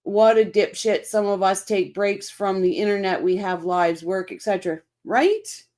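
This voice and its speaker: A woman's voice: mid-range voice, little pitch movement, normal speed, a little mellow. A woman hosting a true crime livestream, reading chat comments aloud and talking back in a blunt, profane, indignant way.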